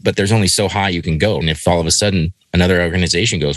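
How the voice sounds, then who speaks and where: A man's voice: deep voice, racing, hardly any pauses, dry recording. Laid-back jokey male podcast host. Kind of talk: casual podcast chat.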